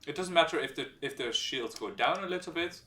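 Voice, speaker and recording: A man's voice: fairly high pitch, fairly quick. Man explaining a strategy game live. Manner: explains game mechanics while thinking aloud; relaxed, hesitant with many fillers. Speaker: game streamer. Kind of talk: live gameplay commentary. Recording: roomy sound from a distant mic, faint background music.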